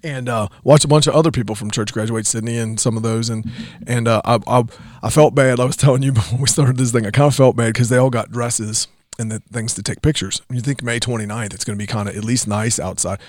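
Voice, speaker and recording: A chatty man in his forties co-hosts a relaxed church podcast. He wanders through his stories with frequent laughs. The sound is dry and close. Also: mid-range voice, fast talker, dry recording. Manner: rambling, chatty, laughs often. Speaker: podcast co-host. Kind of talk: casual chat.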